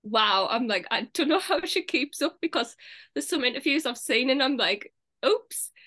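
A young British woman, an actress, chatting casually in an interview, full of "like" fillers and quick laughs. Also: high-pitched, animated, bright, forceful tone. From England. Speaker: actress, guest.

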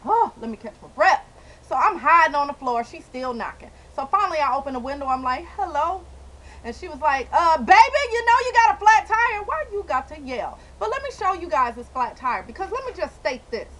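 Young woman, excitable vlog rant, swooping pitch. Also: a little fast, rough recording. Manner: excitable, loud outbursts and dramatic repetition. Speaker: vlogger. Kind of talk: animated comic vlog rant. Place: outdoors by a car. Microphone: handheld camera.

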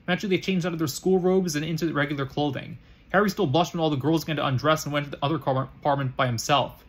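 A man's voice: fairly high pitch, fairly even intonation, fast. A young man reading a story aloud, with frequent stumbles and self-corrections. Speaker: fan fiction reader.

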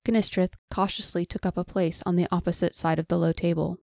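Woman narrator, fantasy audiobook, measured storytelling, fairly low pitch, dry recording. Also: level tone, creaky, darkish tone, no echo. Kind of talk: scripted narration.

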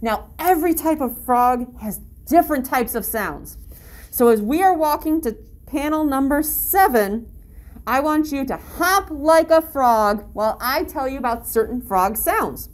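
Upbeat high-voiced woman leading a story walk. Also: animated, measured pace. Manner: upbeat, encouraging, teacherly, with animal-sound imitations. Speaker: library story-walk guide. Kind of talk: reading a picture book aloud to children.

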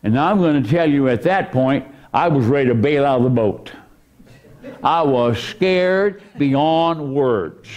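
Animated preaching man with lively pitch. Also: unhurried. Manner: animated preaching, voice surging high for emphasis. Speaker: pastor. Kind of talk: sermon. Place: church.

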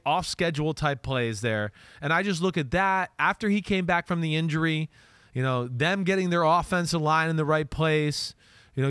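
A man's voice: fairly high pitch, fairly bright tone, clear, resonant tone, no echo, clean studio sound. A middle-aged man with a New Jersey accent, co-hosting a casual football podcast and often repeating words as he starts a thought. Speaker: podcast co-host, football analyst. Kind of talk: casual sports talk.

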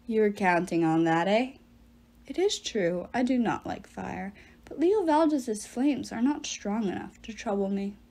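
A woman voicing a menacing giant male ghost who speaks through the mouths of others, slow, cold and gloating. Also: medium pitch, lively intonation, darkish tone.

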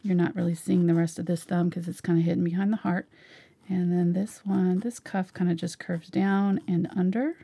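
A middle-aged woman leads a live painting tutorial, talking casually as she paints. Her voice is a little low, mellow, and strongly gravelly with vocal fry. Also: moderate pace. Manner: relaxed, chatty, talks while painting. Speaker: painting instructor.

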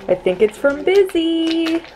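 A young woman and mother filming a casual home vlog on a handheld camera, gushing and excitable. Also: extremely high pitch, slow, noisy background. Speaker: vlogger and mother. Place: family home.

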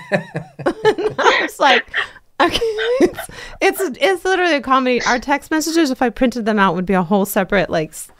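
A woman's voice: high-pitched, moderate pace, no echo, clean studio sound. Bubbly, giggly woman host. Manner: bubbly, giggly, animated storyteller. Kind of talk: casual chat.

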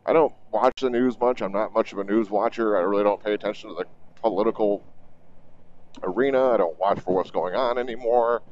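A man's voice: lowish voice, a little mellow, lo-fi sound, a little hiss or hum. A man riding a motorcycle to work, chatting loosely and swearing casually in a rambling motovlog. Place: on a motorcycle on the road.

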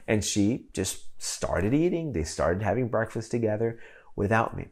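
A man's voice: fairly low pitch, very animated, measured pace. A man in his thirties preaching a sermon as a pastor, telling a family story in a conversational, storytelling way.

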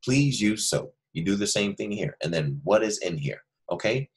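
A man teaching a first grade class in a recorded online lesson, speaking slowly and warmly to young children and reading example sentences aloud with lively stress. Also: low voice, husky. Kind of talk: recorded remote homework lesson with screen share.

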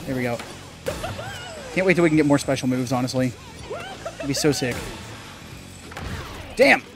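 A young man, a gaming channel host, giving casual gameplay commentary, chatty and excitable, swearing mildly and yelping when things go wrong. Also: normal speed. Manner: excitable, bursts into high yelps and laughs at mistakes. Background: faint game music.

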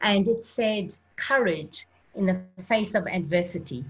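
A woman from Africa, a sports psychologist guest telling a personal story in an earnest, animated way, with frequent fillers. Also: medium pitch, unhurried, muffled recording. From South Africa.

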